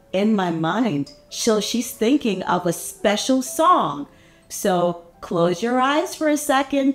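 Woman from africa doing storytime for little kids, bouncy and playful, faint music behind. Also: medium pitch. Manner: animated, playful, asks children questions. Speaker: children's story reader. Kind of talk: read-aloud storytime for children.

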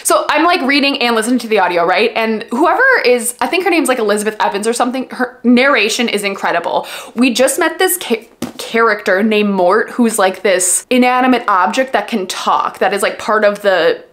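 A woman's voice: fairly high pitch, animated, brisk, a bit bright. A woman chatting casually in a book vlog, gushing and full of fillers. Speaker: book vlogger. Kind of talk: casual reading vlog chat.

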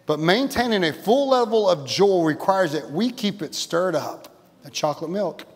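High-voiced exuberant man preaching in a hall. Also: lively intonation, normal speed. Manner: exuberant, laughs and shouts, calls for responses. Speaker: pastor. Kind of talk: sermon. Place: church sanctuary. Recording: church hall reverb.

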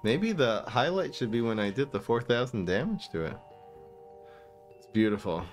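A man giving casual live-stream commentary while playing a card game, thinking aloud and bursting into giggling excitement. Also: medium pitch, moderate pace, soft background music.

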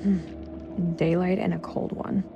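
An actress playing a tough, bitter military officer who speaks hard and curt. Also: female voice, lowish voice, level tone, slow pace, gravelly, highs cut off. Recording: game dialogue with noisy ambience.

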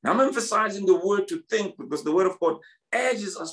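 High-voiced South African pastor preaching. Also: male voice, animated, fairly quick, fairly bright tone. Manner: repetitive, emphatic preaching with stammered restarts. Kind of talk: sermon. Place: church.

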